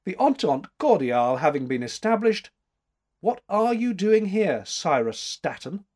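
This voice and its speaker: A stately, sharp-tongued old woman painter in a storybook reading, her voice lifted a little and delivered with dry, teasing precision. She sounds slightly husky, as a man puts her on. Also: high-pitched, sing-song, measured pace, pitched above the performer's own voice, full character voice. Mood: wry.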